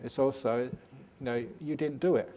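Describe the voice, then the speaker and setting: Older monk giving a joking Dhamma talk. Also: male voice, medium pitch, normal speed. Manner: humorous, lively, joking teaching style. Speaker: Buddhist monk and meditation teacher. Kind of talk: Dhamma talk at a day retreat.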